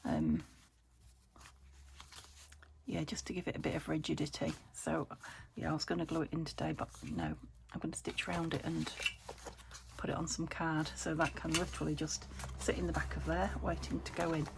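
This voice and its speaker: Chatty British woman with a gravelly voice. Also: low-pitched, little pitch movement, fairly quick, background noise. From United Kingdom. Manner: rambling, thinks aloud, laughs often. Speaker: crafting channel host. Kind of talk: chatty crafting vlog. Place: home craft room.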